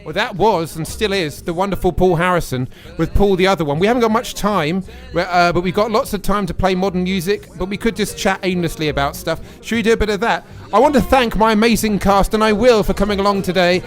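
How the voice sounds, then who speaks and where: A man's voice: high-pitched, fast talker, hardly any pauses, soft background music. A man hosting a local radio show, rambling and joking at his own expense in casual studio chat. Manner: rambling, self-mocking, jokey. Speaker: radio host.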